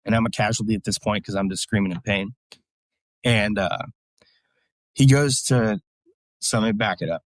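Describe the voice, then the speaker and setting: A man's voice: on the low side, normal speed, pauses often, no room sound. A man, a military veteran guest, telling a story casually in a blunt, profane, rambling way with lots of fillers.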